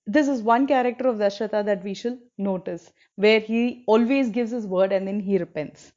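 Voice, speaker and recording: A woman's voice: a little high, moderate pace, hardly any pauses, dark tone. A woman retelling an old epic in casual storytelling narration, explaining as she goes and acting out the characters' lines. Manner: explains as she goes, with fillers and restarts, acting out quoted kings and sages. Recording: dull lo-fi recording.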